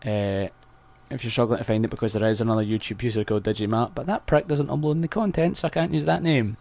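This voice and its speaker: A man chatting on a podcast. He cracks jokes and laughs a lot, and his voice sits at an ordinary middle pitch. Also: fast, creaky, a little mellow. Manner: joking, laughs often. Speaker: podcast guest. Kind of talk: casual chat.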